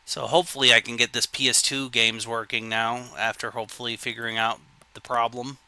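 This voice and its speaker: A man's voice: medium pitch, level tone, brisk, bright, forceful tone. A man streaming games live, muttering in frustration as his setup keeps failing. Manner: frustrated muttering over technical trouble. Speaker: game streamer.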